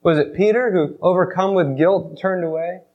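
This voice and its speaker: Dramatic male preacher, high-pitched. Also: moderate pace, dull audio. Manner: dramatic retelling, swinging from loud emphasis to hushed. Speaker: pastor. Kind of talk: sermon.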